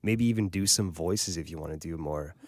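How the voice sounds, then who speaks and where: A man's voice: sits low, fairly quick, darkish tone, dry recording, studio quality. A man co-hosting a podcast discussion about audiobooks, chatty and self-deprecating. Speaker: podcast co-host. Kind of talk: casual panel discussion.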